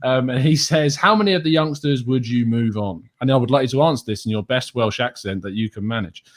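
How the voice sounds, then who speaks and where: A man steering a podcast panel through viewer questions. He speaks at a middle pitch in a brisk, organised hosting manner. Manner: brisk, moderating. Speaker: podcast host. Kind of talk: hosting a live Q&A.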